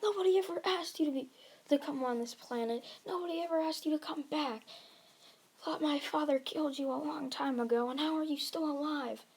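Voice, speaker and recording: A defiant young male hero, shouting in a high, strained voice, as a woman puts him on. It comes from a homemade fan-story reading, with bursts of alarm and urgency. The delivery stays plain and amateur. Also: a little fast.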